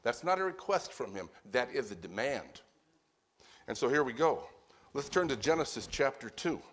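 A man preaching a sermon at a brisk pace, stressing his points and repeating them. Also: mid-range voice, lively intonation, a bit bright.

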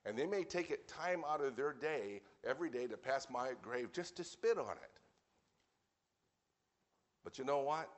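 A man preaching an evening sermon as pastor, speaking earnestly and plainly, with wry asides, and reading scripture slowly and weightily. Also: mid-range voice, lively intonation.

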